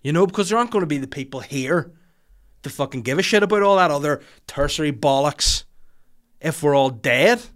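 A man with a Northern Irish accent delivering a sweary, exasperated comedic rant as a podcast host, breaking into shouty outbursts. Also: on the high side, lively intonation, a little fast.

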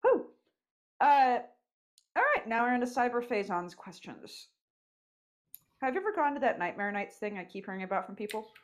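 A woman's voice: on the high side, moderate pace, long pauses. A woman hosting a podcast interview, chatting casually, teasing and swearing. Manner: animated, profane, teasing. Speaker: podcast host.

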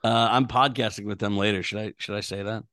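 A man co-hosting a sports podcast, relaxed and agreeable, asking his partner questions. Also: fairly low pitch, fast, no room sound. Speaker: podcast co-host. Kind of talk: casual sports chat.

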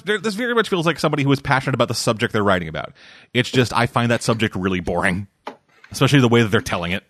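Man from canada, casual podcast chat, rambling, swears a lot, mid-pitched, dry close sound. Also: a bit bright, no room sound. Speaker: podcast co-host reviewing manga.

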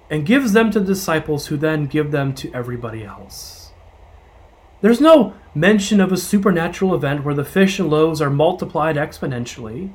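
High-voiced man preaching a sermon. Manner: retells scripture with voiced asides, slowing for emphasis.

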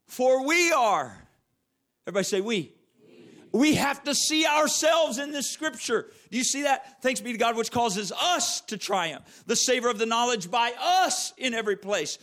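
A middle-aged man preaching with a high voice. He tells homey stories and hammers points by repeating them. His delivery moves between loud calls and hushed lines. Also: animated, normal speed. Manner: storytelling, emphatic, repeats phrases. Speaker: pastor. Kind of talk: sermon.

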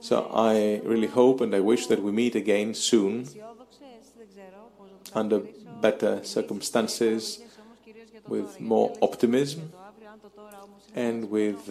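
Slow, gravelly, halting man. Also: on the low side, dark tone. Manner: halting, with many pauses and fillers. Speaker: panel discussion speaker. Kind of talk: live webcast panel discussion.

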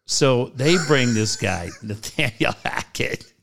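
A man's voice: mid-range voice, lively intonation, slow, creaky, a bit bright. A middle-aged man co-hosting a sports talk show, swearing freely and mocking the people he talks about. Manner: profane, mocking storyteller who mimics people. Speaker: sports radio co-host.

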